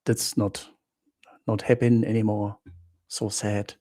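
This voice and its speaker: A man's voice: fairly low pitch, flat delivery, takes it slowly, dark tone. A man hosting a travel live stream, chatting with viewers in simple non-native English, greeting them by name and laughing often. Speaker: travel channel host.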